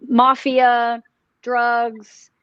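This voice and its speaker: A woman's voice: fairly high pitch, monotone, extremely slow, smooth, no echo. A woman voicing a cocky, callous mobster spirit. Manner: flippant, dismissive. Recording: dull dry lo-fi audio.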